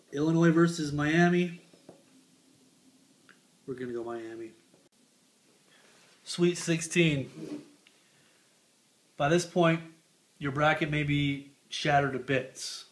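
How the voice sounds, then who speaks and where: A man doing casual comedic sports commentary, picking tournament games with deadpan, rambling asides. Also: on the high side. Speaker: bracket picker.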